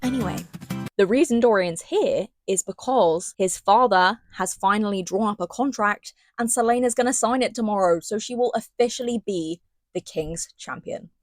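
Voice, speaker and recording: A woman's voice: medium pitch, normal speed, no room sound, soft background music. Chatty young woman reviewing a book. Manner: chatty, animated, dramatic asides. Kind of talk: casual book review vlog.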